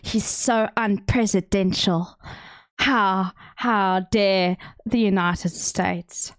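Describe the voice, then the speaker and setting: A woman's voice: mid-range voice, fairly even intonation, extremely slow, dry recording. A woman doing a drawling Cape Town wine mum. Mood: indignant.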